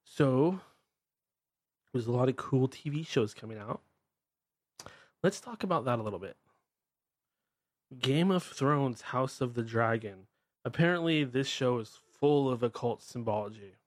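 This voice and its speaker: Blunt profane host with Northwest accent. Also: male voice, mid-range voice, lively intonation, a little slow, long pauses, no echo. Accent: Pacific Northwest American. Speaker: podcast host. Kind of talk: ranting monologue.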